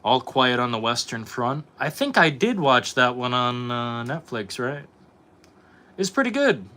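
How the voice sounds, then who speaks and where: A man's voice: medium pitch, very animated, a little slow, bright, forceful tone. A young man streaming, chatting casually with his viewers, rambling and swearing a lot. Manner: profane, rambling, reacting to chat. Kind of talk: casual live-stream chat.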